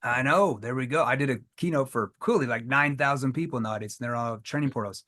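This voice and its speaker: A man's voice: medium pitch, fast, few pauses, sharp tone. A man teaching a live virtual sales training, asking the audience rhetorical questions and acting out sales calls in role-play.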